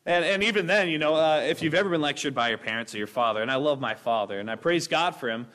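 Energetic young man preaching in a hall. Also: fairly high pitch, quick pace. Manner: energetic, rambling, acts out voices. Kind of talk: sermon. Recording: long hall reverb.

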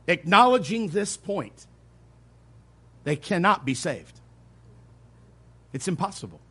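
A pastor preaching a sermon, earnest and emphatic, repeating key points, with quiet asides between louder stresses. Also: male voice, high-pitched. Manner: earnest preaching, emphatic repetition, occasional soft laughs.

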